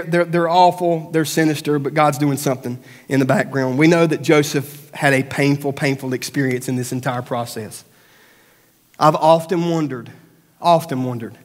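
A man with a high-pitched voice preaches a lively sermon in a church sanctuary, the sound trailing off in a long hall reverb. He acts out the voices of doubt and prayer, then goes soft and low for serious points. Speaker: pastor.

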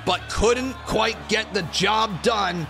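A man hosting a live stream, calling a simulated wrestling match play-by-play from his desk in an excitable, shouting manner. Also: high-pitched, slow, gravelly, over music, a crowd in the background. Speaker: streamer and host of the series.

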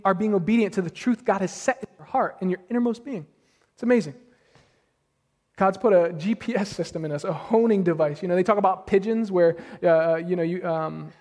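A man with a high voice preaching a sermon with lots of energy, asking his congregation rhetorical questions. His voice carries a long hall reverb, as from a church sanctuary. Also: a little mellow. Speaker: pastor.

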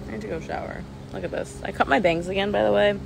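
A woman's voice: medium pitch, steady tone, fast talker, gravelly, background noise. A woman singer chatting casually with fans on a phone live stream from home, rambling with lots of "like" fillers and giggles.

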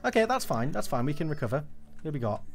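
A man's voice: on the high side, big pitch swings, fast, vocal fry, soft background music. A man giving a live, joking, swear-filled running commentary as he streams a game.

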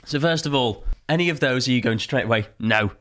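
A man hosting a comedy podcast, running the segments in brisk, jokey banter. He talks at a medium pitch. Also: a bit bright. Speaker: podcast host. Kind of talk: casual banter.

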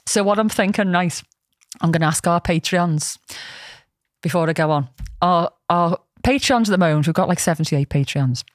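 A woman's voice: lowish voice, moderate pace, dry recording, studio quality. A woman with a Scouse accent hosting a podcast, chatting and telling stories with frequent laughs. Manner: chatty storyteller, laughs often. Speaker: podcast host. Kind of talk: casual chat.

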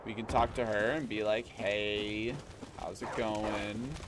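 A man streaming a video game, reacting loudly and swearing at enemies while he plays. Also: fairly low pitch, slow pace, heavy background noise. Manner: excitable, swears and shouts at enemies. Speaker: gaming streamer. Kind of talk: live gameplay commentary.

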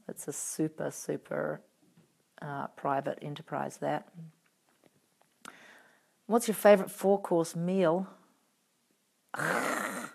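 Low gravelly woman, wry and chatty. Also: slow pace, pauses often, a little mellow. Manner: chatty, wry and playfully teasing. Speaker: actress answering fan questions. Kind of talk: casual live video Q&A reading out comments.

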